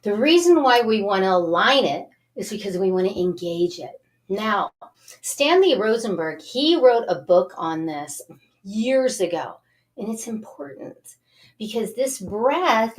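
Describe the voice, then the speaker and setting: Woman, self-help show host, animated, coaxing, mid-range pitch, guiding breathing exercises. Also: measured pace.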